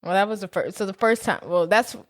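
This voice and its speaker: A woman's voice: mid-range voice, fast talker, no room sound, clean studio sound. A young woman co-hosting a podcast, recapping a film in a laid-back way, swearing freely and laughing often. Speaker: podcast co-host. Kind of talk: casual movie recap chat.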